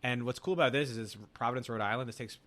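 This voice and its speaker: A man's voice: mid-range voice, very fast, a bit bright. A young man co-hosting a podcast, talking loosely about a movie in a rambling, slangy way, with lots of "like" and "dude". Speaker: podcast co-host. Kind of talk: casual chat about a movie.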